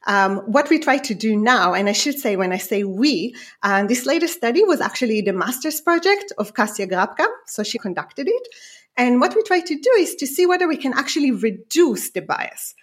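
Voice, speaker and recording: Woman guest with a non-native accent, lively researcher explaining a study; high-ish voice, very animated intonation. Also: normal speed. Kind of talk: interview explanation.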